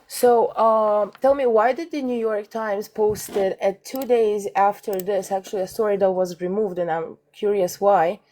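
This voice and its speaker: A woman with a Russian accent, a guest in a live-stream debate, arguing her point and reading articles aloud haltingly. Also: mid-range voice, fairly even intonation, dark tone.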